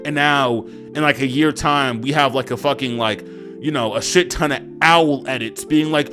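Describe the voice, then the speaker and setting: A man's voice: mid-range voice, moderate pace, sharp tone, soft background music. A young man casually reviewing a manga chapter, rambling and profane with lots of fillers and slang.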